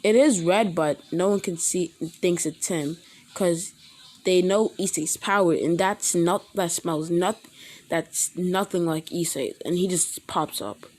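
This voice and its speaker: Slow, husky woman rambling a story. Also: on the low side, a little mellow. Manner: rambling, self-correcting. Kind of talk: casual improvised storytelling.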